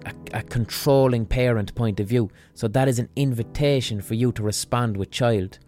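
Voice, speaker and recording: A man's voice: medium pitch, darkish tone. Blunt sweary man. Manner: blunt and profane. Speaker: podcast host. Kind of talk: casual explanatory monologue.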